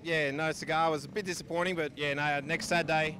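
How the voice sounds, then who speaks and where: Matter-of-fact Australian racer. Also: male voice, on the high side, little pitch movement, a little fast, pushed and bright. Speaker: sidecar racer. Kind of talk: casual trackside interview. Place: outdoor speedway pits.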